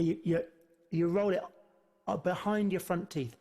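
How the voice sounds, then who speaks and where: A man leading an online choir lesson over a video call, talking in quick, playful asides between demonstrations. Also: sits high, dark tone, breathy edge. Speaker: choir leader. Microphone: computer mic on a video call.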